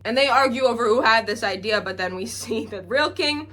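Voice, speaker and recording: A woman's voice: a little high, fairly quick, hardly any pauses, pushed and bright. A woman chatting casually as she breaks down a TV episode, gushing and saying "like" a lot. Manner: gushing, chatty, fills talk with "like". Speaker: show reviewer.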